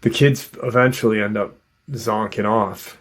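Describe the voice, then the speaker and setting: A man's voice: fairly low pitch, fairly even intonation, a little slow. A man casually retelling a frightening encounter as a channel host, unscripted, with plenty of "um" and "you know" along the way. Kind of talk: casual storytelling narration.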